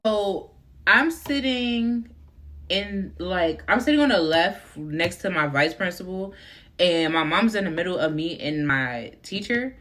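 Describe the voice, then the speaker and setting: A woman's voice: mid-range voice, slow pace, bright, forceful tone. A young woman vlogger chatting through a storytime, full of fillers and talking to her viewers as y'all. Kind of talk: casual storytime monologue.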